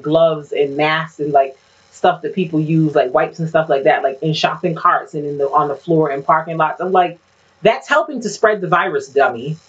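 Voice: mid-range voice, husky. A podcast co-host in casual chat who rants bluntly and says "like" a lot. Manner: blunt, ranting, frequent "like". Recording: dull, distant mic sound.

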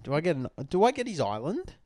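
A man's voice: on the high side, huge pitch swings, fast talker, a little mellow, no room sound. A young Australian man co-hosting a podcast in casual chat, crude and jokey, swearing constantly into a podcast mic. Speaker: podcast co-host.

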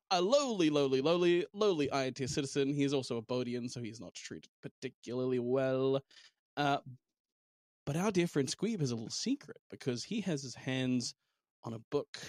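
Playful, lively New man. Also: medium pitch, no echo, studio quality. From New Zealand. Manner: playful, laughing, teasing. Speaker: podcast co-host and game master. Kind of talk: casual chat.

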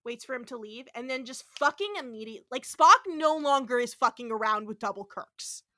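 A woman co-hosting a podcast, recapping an episode in casual chat, animated and swearing freely as she acts out the characters' lines. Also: a little high, normal speed. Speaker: podcast co-host.

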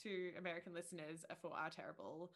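Bright, giggly woman. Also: on the low side, quick pace. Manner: giggly, expressive, chatty. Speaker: podcast co-host. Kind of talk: casual chat.

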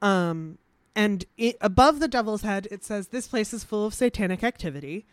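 A woman's voice: medium pitch, smooth, no room sound. A woman co-hosting a casual chat, reading news aloud with many fillers and restarts. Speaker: podcast co-host.

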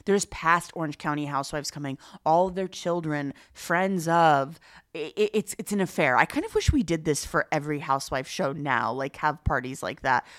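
A woman co-hosting a podcast, chatting emphatically and gossiping about a reality show. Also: low voice. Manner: emphatic, gossipy, quick to agree. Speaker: podcast co-host. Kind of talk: casual chat recapping reality TV.

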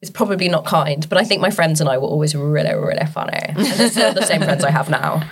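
A woman, a comedian, chatting quickly and teasing with bursts of laughter. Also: low voice, husky. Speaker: comedian guest. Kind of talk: casual chat.

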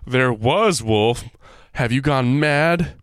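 A man's voice: mid-range voice, takes it slowly, clean tone, dry recording, clean studio sound, pitched above the performer's own voice, natural voice. A man voicing an offhand male mill worker in a storybook tale, with a breezy, dismissive manner.

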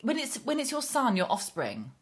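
Expressive middle-aged woman co-host with a lively, wide-ranging voice; theatrical and gushing. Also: a little high, moderate pace. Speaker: podcast co-host. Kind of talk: casual chat.

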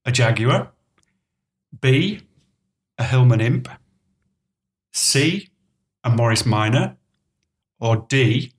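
A man's voice: medium pitch, expressive, takes it slowly, long pauses. A man co-hosting a podcast in casual chat, bantering in a dry, teasing way while he asks quiz questions. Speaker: podcast co-host.

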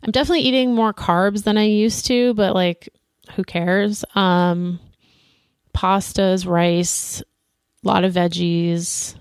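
A relaxed, chatty woman talking with her co-host, dropping plenty of ums and laughing easily. Her voice sits close and dry, with no room sound around it. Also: mid-range voice, takes it slowly, smooth, no room sound. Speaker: podcast co-host. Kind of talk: casual chat.

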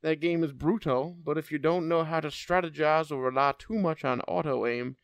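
A man voicing a tired old male prospector with a put-on American Southern accent, reading a listener letter slowly and with a drawl. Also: a little high, vocal fry, dry recording. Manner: slow, drawn-out delivery.

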